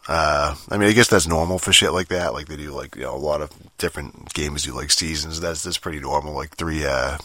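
A man's voice: rumbling low, brisk, hardly any pauses, sharp tone. A young man rambling through a casual, profane gaming rant, full of fillers and restarts. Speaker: gamer vlogger.

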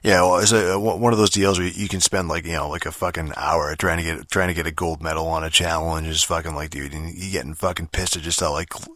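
A man reviews a game casually and fast, his very low voice carrying a forceful edge and fairly even intonation. He curses almost constantly, stacks fillers and restarts, and the audio is dry, close and echo-free.

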